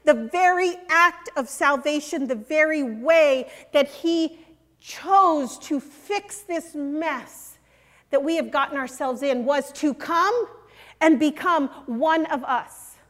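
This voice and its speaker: An older woman preaching a sermon, earnest and emphatic, sometimes dropping to a hush. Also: sits high, slow pace. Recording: long hall reverb.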